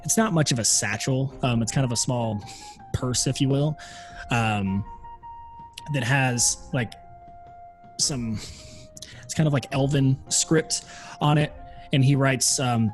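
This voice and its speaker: A man narrating a tabletop game as game master, hesitant with many pauses and fillers. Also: mid-range voice, faint music behind.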